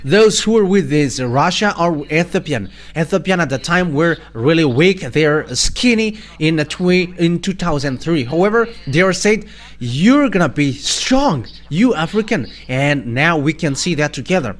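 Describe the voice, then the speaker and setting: A man with a Malagasy accent preaching a sermon in halting English, full of fillers and restarts. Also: on the high side, lively intonation.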